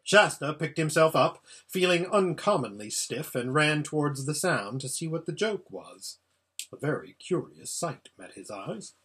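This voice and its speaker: A man reading a children's novel aloud as an audiobook narrator, with lively storytelling and rising emphasis. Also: on the high side, measured pace, slightly rough. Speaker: audiobook reader.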